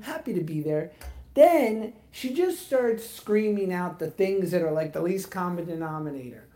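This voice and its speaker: A man in his thirties co-hosting a casual podcast, telling animated stories and laughing as he goes. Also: high voice, moderate pace. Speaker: podcast co-host. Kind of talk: casual chat, storytelling.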